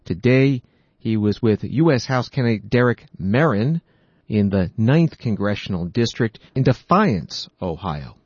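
A male news anchor reading scripted news narration in a measured, even manner. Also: lowish voice, husky, no room sound, muffled recording.

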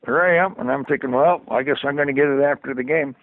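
Heard through a tinny, dry phone line with no echo, a former hockey trainer, now an older man, shares stories as an interview guest, frequently chuckling. He talks at a quick pace in a mid-range voice.

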